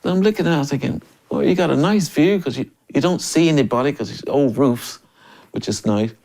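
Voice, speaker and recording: An older man in his sixties from Memphis, a drummer and interview guest, telling stories in a lively way, often laughing and acting out other people's lines. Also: on the high side, fairly quick, vocal fry. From Memphis, USA. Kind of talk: casual storytelling interview.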